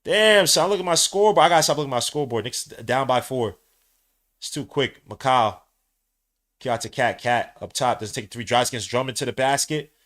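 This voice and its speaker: A young man doing live watch-along commentary as a podcast host, trading muttered play-by-play for loud slangy outbursts. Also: medium pitch, a little fast.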